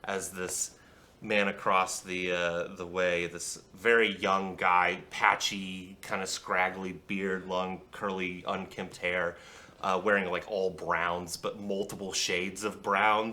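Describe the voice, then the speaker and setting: Bright-voiced male game master, rambling. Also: low-pitched, little pitch movement, slow pace. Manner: loose, rambling, filler-heavy. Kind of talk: narrating a tabletop game.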